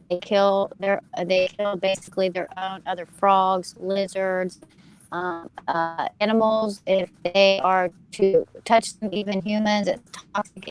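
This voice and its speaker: A woman casually telling a personal story to a group, animated and quickly fired up, talking to her listeners directly. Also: medium pitch, smooth, rough recording. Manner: animated, gets fired up, acts out quoted voices; talks to listeners as "you guys".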